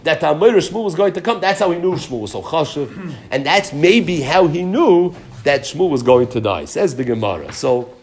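A man giving a Talmud class, reading each line of the text, then translating it and retelling it with animated emphasis. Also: on the high side, normal speed. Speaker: Talmud teacher.

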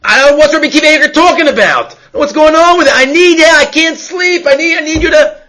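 A man's voice: very high voice, fast talker, voice pushed up. A man acting out an elderly male rabbi calling out urgently for help at night. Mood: distressed. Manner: shouting, urgent, pleading.

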